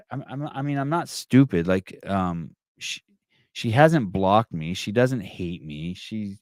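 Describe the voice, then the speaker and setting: Swearing freely and poking fun at himself, a low-voiced podcast host rambles through viewer comments on a casual live stream, stumbling into repeated stammered restarts. The studio-quality sound has no room noise.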